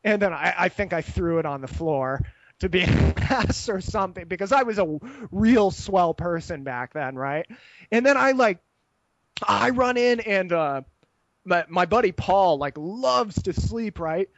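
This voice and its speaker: High-voiced young man, loose and profane raconteur, dry slightly muffled sound. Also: moderate pace, no echo. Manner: animated, profane, laughs while telling stories. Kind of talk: casual storytelling chat.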